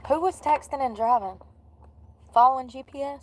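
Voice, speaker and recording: A woman's voice: sits high, moderate pace, long pauses, slight background noise, rough recording. A woman telling a rambling, candid story in casual slang while she drives.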